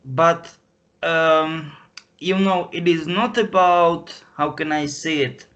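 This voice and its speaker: A man speaking as a guest on a video call, haltingly searching for words. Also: on the high side, a bit bright, muffled recording. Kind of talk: casual online chat.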